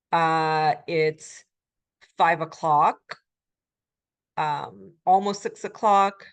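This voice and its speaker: A woman lecturing as a Korean language instructor, explaining step by step with frequent ums and uhs and repeating phrases slowly for learners. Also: low voice, fairly even intonation, smooth. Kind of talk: recorded college lecture.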